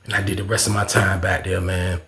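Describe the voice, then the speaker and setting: A man telling a casual storytime tale, animated and profane, often repeating his own catchphrases. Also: deep voice, a little fast, reverberant, slight background noise. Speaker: storyteller, channel host.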